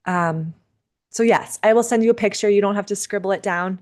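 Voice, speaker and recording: A woman speaking on a video call at a middle, even pitch. Her delivery is gentle and unhurried as she winds down a spiritual gathering and answers questions. She pauses and restarts now and then with soft fillers. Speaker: seder leader and teacher. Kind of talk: casual talk closing a virtual gathering.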